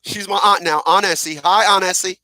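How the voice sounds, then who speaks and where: A middle-aged man hosting a radio show, telling stories in a casual, animated way, repeating phrases and acting out what people said. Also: sits high, brisk, dry recording, clean studio sound. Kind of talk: casual storytelling monologue.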